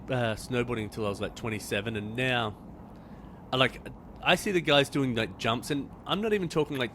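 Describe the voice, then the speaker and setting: Casual podcast host dude, mid pitch, chatty and loose, light hiss in the room. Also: male voice, a bit bright. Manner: chatty, casual, swears, lots of fillers. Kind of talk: casual interview chat.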